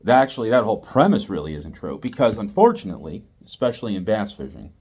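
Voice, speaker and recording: A middle-aged man, host of a fishing channel, telling a story in a lively, repetitive way. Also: on the low side, fast talker, husky. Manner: animated, acts out quotes, repeats himself. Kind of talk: storytelling monologue.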